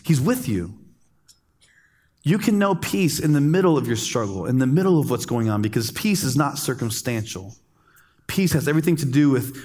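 A man in his thirties preaching a sermon, telling a camping story with humor and slow pauses for emphasis. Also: fairly high pitch, a little mellow, big-room sound. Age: 30s. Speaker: pastor.

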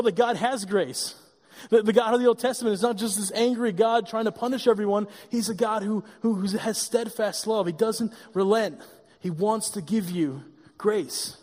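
A man preaching a sermon as pastor, retelling the story in an animated way and often repeating words as he goes. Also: extremely high pitch, long reverb tail.

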